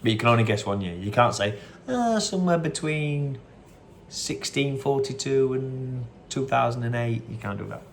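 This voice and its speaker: A man's voice: medium pitch, expressive, normal speed, gravelly, a little hiss or hum. Chatty man hosting a quiz. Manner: chatty, repeats each question, wanders into anecdotes. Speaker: quiz host. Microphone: phone.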